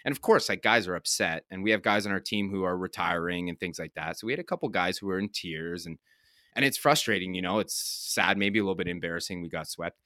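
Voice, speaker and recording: A man's voice: deep voice, fast, sharp tone, no echo, studio quality. A young man, a pro hockey player, telling stories in a laid-back, profane way on a podcast and laughing as he goes. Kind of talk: casual storytelling chat.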